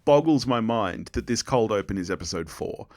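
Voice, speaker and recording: A man's voice: on the low side, animated, normal speed, a little mellow, no room sound, studio quality. A man in his thirties co-hosting a casual podcast, laid-back and teasing, chuckling as he talks. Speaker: podcast co-host.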